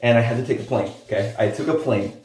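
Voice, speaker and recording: A man's voice: medium pitch, quick pace, darkish tone. A man chatting enthusiastically to viewers while shaving his head, often calling them guys. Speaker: shaving vlogger. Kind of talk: casual chat to camera while head shaving. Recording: roomy echo, mic at a distance.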